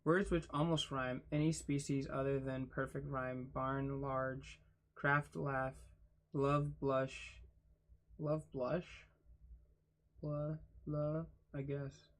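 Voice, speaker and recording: Slow, flat-voiced man reading aloud. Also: medium pitch. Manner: reads slowly, spells words out letter by letter, adds quiet asides. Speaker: channel host reading a book aloud. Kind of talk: casual read-aloud.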